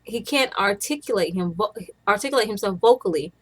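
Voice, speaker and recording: A woman's voice: medium pitch, animated, a little fast, husky. Young woman, casual vlogger, chatty and meandering, mid-range voice. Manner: chatty, rambling, with frequent restarts and laughs. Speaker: stay-at-home mom vlogger. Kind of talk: casual chat to camera.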